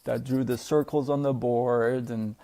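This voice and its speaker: A man with a gravelly edge to his voice tells a personal story straight to camera. He talks in a loose, chatty way, stacking fillers and checking in with his viewers. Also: medium pitch, fairly even intonation, unhurried, mellow. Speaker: vlogger.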